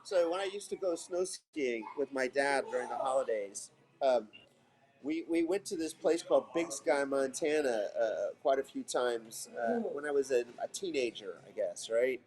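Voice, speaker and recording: A man's voice: mid-range voice, animated, normal speed, a little mellow. A man co-hosting a casual remote podcast, chatty and storytelling, from Florida. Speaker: podcast co-host. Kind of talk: casual chat.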